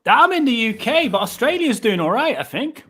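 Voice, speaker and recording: A man's voice: very high-pitched, very animated, normal speed, sharp tone, slightly rough. A man from near Coventry with a mild English Midlands accent, chatting casually as a podcast guest over a call, rambling with lots of restarts. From England, near Coventry. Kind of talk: casual chat.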